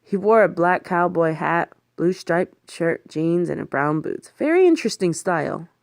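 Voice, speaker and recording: Woman, audiobook narrator, first-person thriller, animated pitch, dry close sound. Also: moderate pace, gravelly, dry recording. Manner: lively, voices the other characters and swears in the heat of the story. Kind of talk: first-person story narration with character voices.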